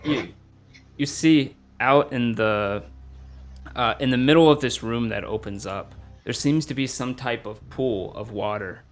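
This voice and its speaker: A man's voice: medium pitch, a little slow, faint music behind. A man running a tabletop game as dungeon master, describing scenes casually with fillers.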